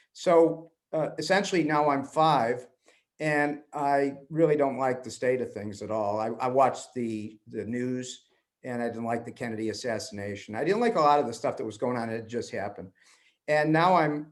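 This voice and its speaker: Man telling stories in a podcast interview. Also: mid-range voice. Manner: animated storyteller, acts out quoted voices. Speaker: podcast guest. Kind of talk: storytelling in conversation.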